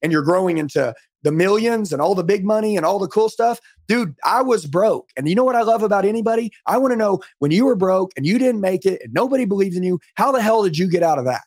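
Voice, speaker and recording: Fired-up middle-aged guy on a podcast call, rapid fire talk, dry close sound. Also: high voice, animated, darkish tone, no echo. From United States. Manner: fervent, motivational, emphatic. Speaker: podcast guest, sales trainer. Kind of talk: energetic storytelling on a podcast call. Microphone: remote call.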